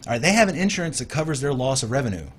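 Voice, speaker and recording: A man's voice: medium pitch, animated, very fast, crowd noise. A man, an insurance consultant, guesting on a radio show in a studio, explaining with many hesitations. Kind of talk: casual radio interview.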